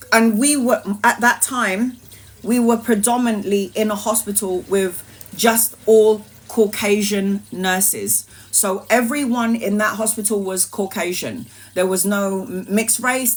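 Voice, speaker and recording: A woman and tarot reader telling a story in a casual livestream, acting out the voices animatedly. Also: mid-range voice.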